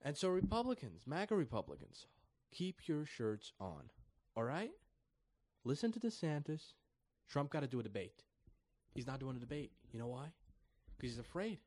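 A man from the United States delivers an animated political rant in a mid-range voice. He presses hard on his points, gets loud and then drops soft, and leaps up in pitch to mock others. The sound is dry and close, with little room around it. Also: moderate pace, long pauses, no echo. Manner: mocking voices with high squealing jumps; emphatic, swings loud and soft. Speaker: political commentator.

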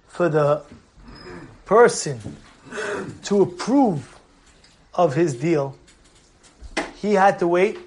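Man, rabbi teaching a class, high voice, emphatic, repeats his points, classroom with students. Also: a little hiss or hum. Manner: emphatic, repetitive, animated storytelling. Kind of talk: live Torah class sermon.

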